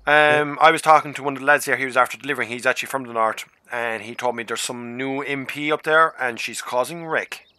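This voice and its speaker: This is a man chatting casually on a gaming stream, telling stories and swearing freely. His voice is very bright and sits dry and close, with no room echo. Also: mid-range voice, fast talker, few pauses. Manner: swearing, storytelling, excitable. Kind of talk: casual chat among friends.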